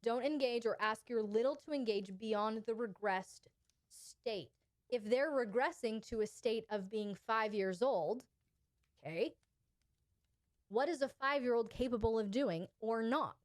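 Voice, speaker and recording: A woman's voice: on the high side, unhurried, no room sound. A woman coaching her audience in a live Q&A, emphatic and often checking in with "okay?". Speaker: relationship coach and channel host. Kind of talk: live Q&A advice.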